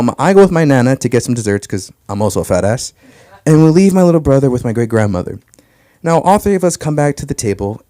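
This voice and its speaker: A man's voice: mid-range voice, mellow, no echo, studio quality. A young man telling crude, brash stand-up stories about his family on a comedy club stage. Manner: brash storytelling, crude punchlines.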